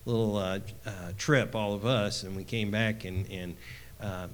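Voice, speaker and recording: A man's voice: lowish voice, steady tone, unhurried. A man delivers a folksy sermon in a loose, conversational way. He stumbles through restarts and fillers, and often asks his congregation for an "Amen?". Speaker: preacher.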